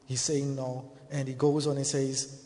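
A man's voice: mid-range voice, little pitch movement, measured pace, dark tone. A male preacher delivering a sermon, weaving in scripture and repeating key phrases for emphasis. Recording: long hall reverb.

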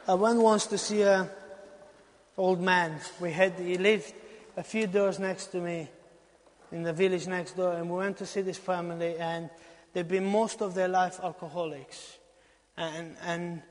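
A man preaches in a church, repeating phrases emphatically and swinging from ringing exhortation to near-whispered lines. His voice sits notably high for a man, and a long hall reverb trails every phrase. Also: steady tone, moderate pace. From Romania. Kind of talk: sermon.

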